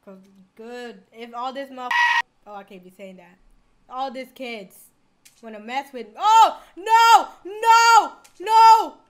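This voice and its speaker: A woman's voice: a little high, a little slow, heavy background noise. A young woman playing a horror game, talking to viewers and gasping and yelping when startled. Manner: jumpy, gasps and yelps when scared. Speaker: gamer streamer.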